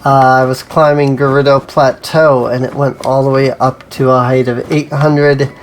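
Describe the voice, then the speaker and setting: Let's play host, casual gameplay commentary, chatty, self-amused, mid-pitched voice, faint ambient hiss. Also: little pitch movement, normal speed. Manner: chatty and self-amused, with sudden yelps at mishaps.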